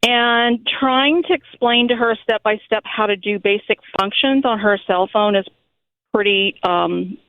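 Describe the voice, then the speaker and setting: A woman's voice: mid-range voice, unhurried, no echo. A woman calling a radio show who speaks hesitantly, with some fillers. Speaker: caller. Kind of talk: phone-in call. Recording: tinny phone line.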